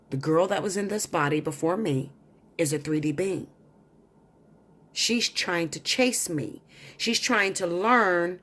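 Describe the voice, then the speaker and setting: Blunt low-voiced woman telling a story. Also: breathy edge. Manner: blunt, profane and insistent. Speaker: tarot reader. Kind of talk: storytelling monologue.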